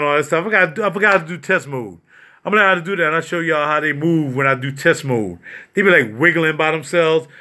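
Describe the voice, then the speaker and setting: A man's voice: on the high side, sharp tone. A man casually showing off his home recording studio to viewers, joking and rambling as he talks. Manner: loose, joking, rambling, addresses viewers as y'all. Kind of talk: casual vlog tour.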